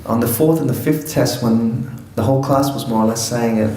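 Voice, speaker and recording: A man's voice: mid-range voice, moderate pace, mellow, echoey room, a little hiss or hum, poor audio. A man from Afghanistan telling his life story to an audience in an earnest, reflective way, with touches of humor.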